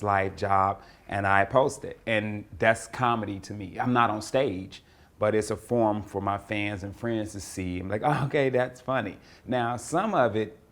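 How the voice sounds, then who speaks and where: A man from North Carolina, a comedian answering interview questions in a relaxed, rambling way, often repeating words. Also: on the low side. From North Carolina, USA.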